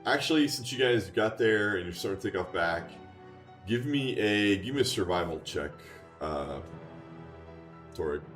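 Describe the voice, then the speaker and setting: A man narrating a tabletop game as game master, relaxed and filling pauses with "uh". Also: fairly low pitch, reverberant, faint music behind. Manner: relaxed, with frequent "uh" fillers.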